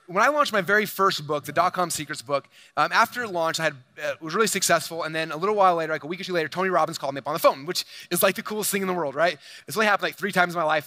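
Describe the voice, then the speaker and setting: A man giving an energetic seminar talk to a large audience, animated and boastful as he speaks straight to the crowd. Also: high-pitched, dry recording. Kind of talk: energetic stage presentation.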